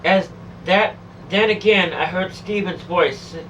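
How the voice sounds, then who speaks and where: A woman's voice: lowish voice, slow, a bit bright, recorded from a distance, slight background noise, low-quality recording. A woman telling a first-person testimony of a near-death experience, pleading, emotional and repetitive.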